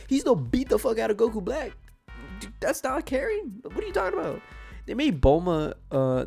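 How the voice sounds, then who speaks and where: A man's voice: medium pitch, vocal fry, darkish tone. Stuffy-nosed man ranting in exasperation. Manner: exasperated, profane, repeats rhetorical questions. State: sick with a stuffed nose. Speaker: gaming commentator. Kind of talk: ranting reaction commentary.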